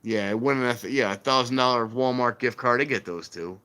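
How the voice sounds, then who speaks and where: A man hosting a casual trainspotting stream, rambling and animated, acting out the voices of people he quotes. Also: mid-range voice, a little fast, clear, resonant tone. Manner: warns viewers against scams. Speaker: railfan livestream host. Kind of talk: casual chat while filming trains.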